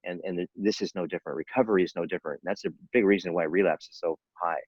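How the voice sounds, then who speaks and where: Older guy, 60s, really deep voice, earnest persuasive talk, dry dull video call sound. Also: fairly even intonation, fast talker, slightly rough, dry recording. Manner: earnest and persuasive, with frequent restarts. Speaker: interventionist guest. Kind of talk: casual interview talk.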